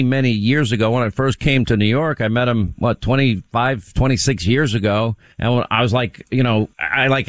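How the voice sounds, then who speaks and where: A man's voice: mid-range voice, no echo. A male radio host in casual chat, teasing and laughing often.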